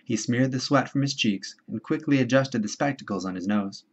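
A man reading a novel aloud in a measured, steady storytelling voice. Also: on the low side. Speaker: audiobook reader. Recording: dull lo-fi home recording.

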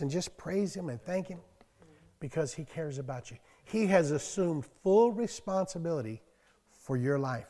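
This is a man in his sixties preaching to a small congregation, with a voice pitched a little higher than most men's. He talks in a folksy, storytelling way and breaks into loud emphasis when he reads scripture. The sound carries a long reverb from the church hall. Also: lively intonation, moderate pace. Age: 60s. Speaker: pastor. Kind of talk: conversational sermon.

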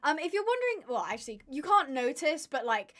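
A woman's voice: sits high, very animated, a little fast, fairly bright tone. A young woman live-streaming, chatting casually with her viewers, tired and with her voice giving out. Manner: chatty, rambling, laughs often. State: tired, voice going.

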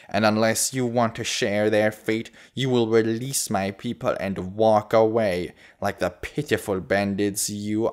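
A man voicing a cunning, menacing male imp leader in an audiobook, with a put-on Southern drawl and slow threats. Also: fairly low pitch, close to an everyday voice.

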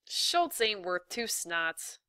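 Lady doing a cocky tough boy, brags a lot, bright close voice. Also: on the low side, big pitch swings, takes it slowly, no room sound, full character voice. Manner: brash, boastful. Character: cocky tough seventh-grade football boy.

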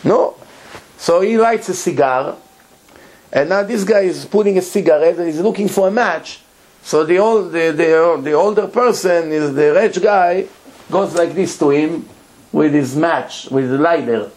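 A man's voice: on the high side, measured pace, a little mellow. A man, a rabbi giving a Torah lecture, telling a story emphatically and repeating words for effect.

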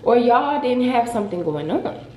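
A young woman casually telling a dramatic story on her vlog, in a lively, expressive way. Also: on the high side, moderate pace, slight background noise. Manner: dramatic, animated retelling. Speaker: vlogger. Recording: echoey room.

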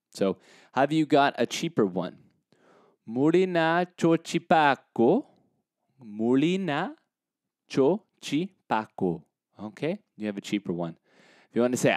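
Man teaching phrases, smooth dry voice. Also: expressive, darkish tone, no echo. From Zambia. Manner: repeats phrases slowly, rising pitch on quoted lines. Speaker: language teacher. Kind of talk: casual language lesson.

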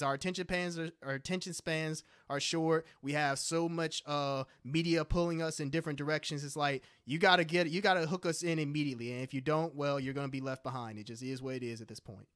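A man with a voice a bit higher than most talks things over in a casual podcast chat. He stays relaxed and reflective and fills his sentences with "like" and "you know". The sound is close and dry. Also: no echo. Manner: relaxed, reflective, many fillers. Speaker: podcast co-host.

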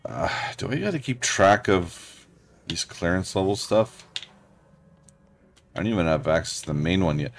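A man's voice: sits low, lively intonation, moderate pace, long pauses. A man hosting a let's play, giving casual gameplay commentary with sarcastic jokes and frequent swearing. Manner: joking, sarcastic, swears a lot.

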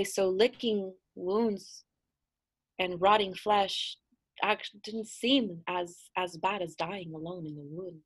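A middle-aged woman and midwife telling a folk tale aloud, in a hushed, drawn-out way with dramatic pauses. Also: mid-range voice, rough recording. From US-Mexico border region. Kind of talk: oral storytelling.

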